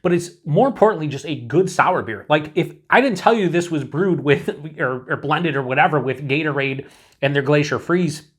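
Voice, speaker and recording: A man's voice: on the high side, moderate pace, slightly rough. Chatty man rambling through a beer review. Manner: rambling, enthusiastic, frequent "like" and restarts, swears casually. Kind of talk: casual solo review.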